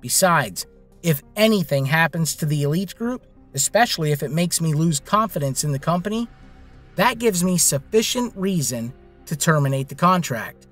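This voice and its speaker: A calm, ruthless young businessman, played by the male narrator, blunt and unbothered, a little higher than the narration. Soft music runs underneath, as in a spoken storybook. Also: moderate pace. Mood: cool.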